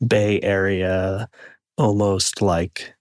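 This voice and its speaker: A man's voice: low-pitched, little pitch movement, drawn-out words, a little mellow, no echo, studio quality. A man from the American Midwest co-hosting a casual chat in an easygoing way. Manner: easygoing, brief affirmations and laughs.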